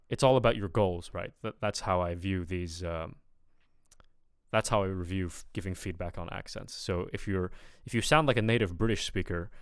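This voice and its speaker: A man with a deep, smooth voice reviews a learner's accent clip as a coach. He talks thoughtfully and hesitantly, with frequent ums. The sound is dry and close. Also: no echo. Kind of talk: reviewing a recording with feedback.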